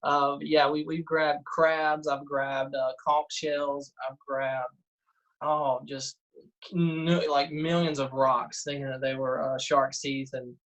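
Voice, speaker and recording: A man, a guest in a casual interview, telling lively stories and acting out quotes. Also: on the high side, takes it slowly, dull audio. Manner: animated storyteller, acts out quotes, frequent "uh" and laughs. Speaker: guest diver and detectorist.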